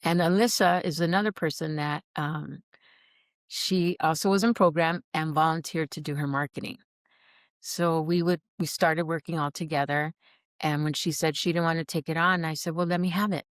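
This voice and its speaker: A middle-aged woman, a podcast guest, earnestly telling her personal story in an animated, heartfelt way. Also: low voice, moderate pace, no echo, clean studio sound. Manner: earnest, animated, acts out quoted dialogue. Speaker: podcast guest, recovery program alumna.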